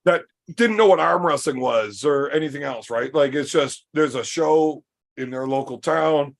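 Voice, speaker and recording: A man's voice: on the high side, normal speed, creaky. A Canadian man who arm wrestles, telling long profane stories on a casual podcast. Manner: profane, boisterous, rambling anecdotes.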